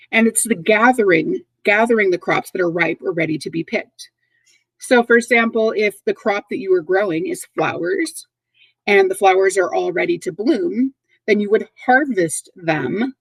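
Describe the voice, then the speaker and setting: Female teacher, patient and repetitive with kids, fry in the voice, dead dry room. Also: medium pitch, no echo, low-quality recording. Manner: patient, repeats words and checks in with okay. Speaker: third grade teacher. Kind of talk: recorded vocabulary lesson for kids.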